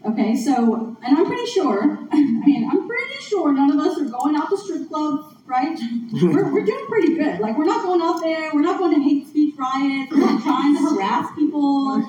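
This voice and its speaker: A woman delivers a sermon in a conversational, earnest way, her voice a little high. The sound is picked up from across a big, echoing hall. The recording is muffled with steady background noise. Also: moderate pace. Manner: conversational, earnest, laughs along with audience. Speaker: speaker at a church gathering. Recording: distant echoey room mic, muffled, noisy.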